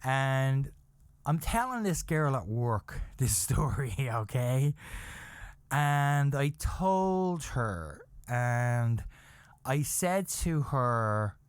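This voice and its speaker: A man hosting a podcast, telling a story in a comedic monologue. He talks in an animated, profane way, and his voice jumps high when he gets freaked out. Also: drawn-out words, smooth, dry recording. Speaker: podcast host.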